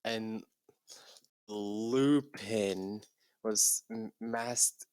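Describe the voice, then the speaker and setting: A young man giving a comedic dramatic reading in a deadpan voice, with exasperated asides. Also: on the low side, measured pace, dry recording. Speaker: YouTuber.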